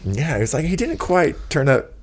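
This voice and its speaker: A man's voice: a little high, sing-song, normal speed, a little mellow. A man hosting a podcast in casual chat, rambling with frequent fillers and laughs. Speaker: podcast host.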